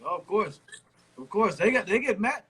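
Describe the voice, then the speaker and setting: A man's voice: sits high, expressive, normal speed, a bit bright, breathy edge. A man hosting a casual hip-hop conversation, talking bluntly and with emphasis in heavy slang. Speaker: host.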